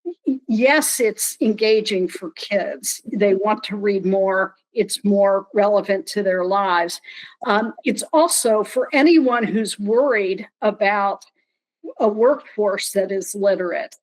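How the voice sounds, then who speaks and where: Slow, deliberate woman with dry humor. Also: medium pitch, low-quality recording. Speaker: panelist from a nonprofit. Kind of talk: online panel discussion. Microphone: video call.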